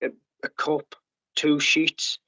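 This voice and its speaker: A middle-aged man telling his story as a podcast guest, blunt and sweary, with quick restarts and acted-out quotes. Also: a little high, monotone, bright, forceful tone. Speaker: podcast guest, former paratrooper. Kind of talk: candid storytelling interview. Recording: muffled lo-fi podcast audio.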